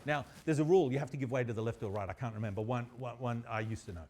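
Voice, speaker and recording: A male university lecturer tells a story in an animated, chatty way. His voice sits at a middle pitch. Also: rapid-fire.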